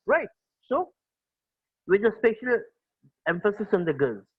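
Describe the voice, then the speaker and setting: A man with an Indian accent lectures a school class, slipping between English and Hindi and repeating key phrases. His voice sits a little high and sounds husky. The recording is dry and tinny, like a phone line. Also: big pitch swings, unhurried, no echo. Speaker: school teacher.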